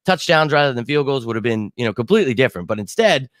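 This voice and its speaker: A man in his thirties hosting a live sports fan show, chatting casually and excitedly, swearing freely and using many fillers. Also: medium pitch, fast talker, no room sound, studio quality. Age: 30s. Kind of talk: casual live-stream chat.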